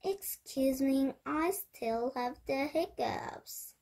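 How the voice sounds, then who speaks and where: A woman reading the part of a young child with the hiccups in a storybook, speaking slowly and politely. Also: sits high, a little mellow, full character voice. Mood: plaintive.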